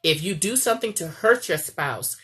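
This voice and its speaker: A woman's voice: fairly low pitch, lively intonation, moderate pace, a bit bright. A woman giving casual marriage advice as a coach, chatty and often checking in with "okay?". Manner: chatty, repeats "okay?" to the viewer.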